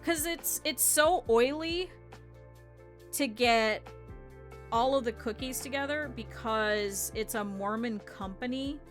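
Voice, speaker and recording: A woman's voice: on the high side, slow, faint music behind. A woman streamer chatting casually with her viewers while she sews, with laughing asides. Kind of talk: casual livestream chat while sewing.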